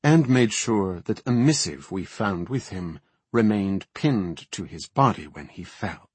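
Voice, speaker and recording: A man's voice: lowish voice, very animated, slow pace, slightly rough, no room sound, heavily acted. A man voicing a precise, dutiful elf warden woman who speaks in a clipped, matter-of-fact way in an audiobook. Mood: clinical. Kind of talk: audiobook character voice.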